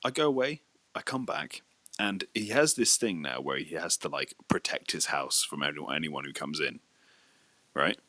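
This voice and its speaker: A young man, telling a sweary, animated story in casual chat. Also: a bass voice, moderate pace, dry recording.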